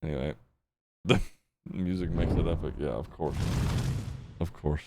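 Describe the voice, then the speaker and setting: A young man streaming live, chatting casually as he reacts to videos, laughing, swearing and thinking out loud. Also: a bass voice, normal speed, heavy background noise.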